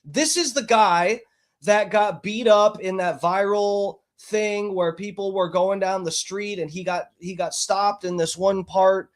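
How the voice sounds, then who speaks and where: A man's voice: sits high, fairly even intonation, measured pace. A man hosting a live stream, giving profane, mocking, agitated commentary. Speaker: streamer host.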